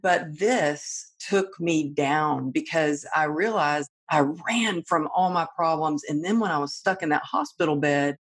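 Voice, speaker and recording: Her voice is low and a little slow, with a breathy edge and hardly any pauses. As a middle-aged podcast host, she openly shares her personal struggles through confessional storytelling.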